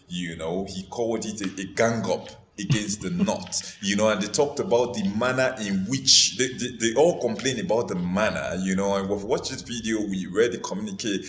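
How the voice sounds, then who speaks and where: Male host for a political chat show, deep and measured, recorded in a reverberant room. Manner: measured, hesitant with fillers. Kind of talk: political talk show discussion. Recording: echoey room, faint noise.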